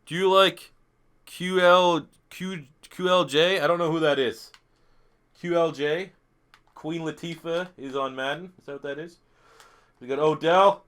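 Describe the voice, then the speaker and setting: Young man, fairly high, sharp voice; crude, profane gameplay streamer. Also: fairly even intonation, unhurried, clean tone. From Canada. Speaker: gaming streamer. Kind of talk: live gameplay commentary reading chat.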